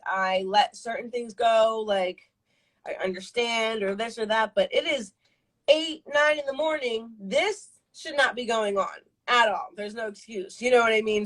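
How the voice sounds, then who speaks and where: Her voice on the high side, a woman in her twenties guests on a live stream and tells a personal story. It's casual and rambling, packed with fillers and swearing, and the recording is rough.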